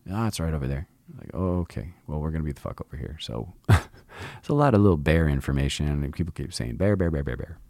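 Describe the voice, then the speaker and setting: A middle-aged man with an extremely low, rumbling voice tells a long anecdote in a loose, swearing, laid-back way, putting on voices for the people he quotes. The sound is close and dry, with no room to it. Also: lively intonation, fast, vocal fry, darkish tone, no echo. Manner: profane, laid-back storyteller who acts out quotes. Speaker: podcast host. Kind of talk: casual storytelling monologue.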